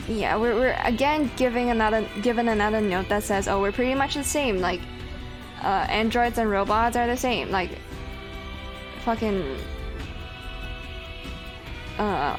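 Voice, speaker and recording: A woman streaming a video game, chatting casually, bluntly and self-deprecatingly, swearing often. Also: on the high side. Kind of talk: casual gameplay commentary. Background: game music.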